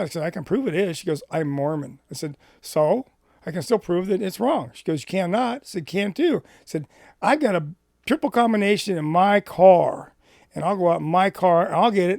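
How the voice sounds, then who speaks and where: A middle-aged man from Washington State telling a personal ministry story in an animated way, acting out the dialogue. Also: on the high side, creaky, no room sound, clean studio sound. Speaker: Christian ministry speaker.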